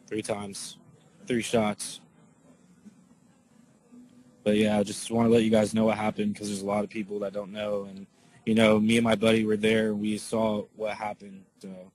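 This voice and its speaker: Man haltingly recounting what he witnessed. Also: on the low side, monotone, darkish tone, slight background noise, low-quality recording. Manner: halting, filler-heavy, lots of "like" and restarts; reads out and answers viewer questions. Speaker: eyewitness. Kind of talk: casual spoken account to viewers.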